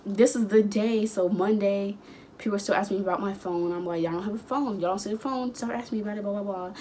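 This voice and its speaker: A young woman in her late teens chatting casually, rambling through a storytime and acting out the dialogue with sudden high outbursts. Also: fast, mellow, a little hiss or hum. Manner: acts out quoted dialogue. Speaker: vlogger.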